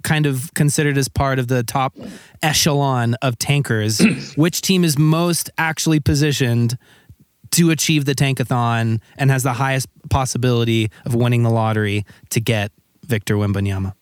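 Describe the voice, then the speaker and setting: A man hosting a casual sports podcast, talking excitedly and rambling with frequent restarts. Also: medium pitch, normal speed, smooth, no echo, clean studio sound. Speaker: podcast host.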